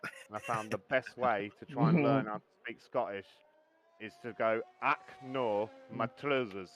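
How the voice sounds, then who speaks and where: A man's voice: mid-range voice, moderate pace, crowd noise. Joking, foul-mouthed gaming streamer man. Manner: joking, swears freely, storytelling. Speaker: sim racing co-op streamer. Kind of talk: casual gaming banter.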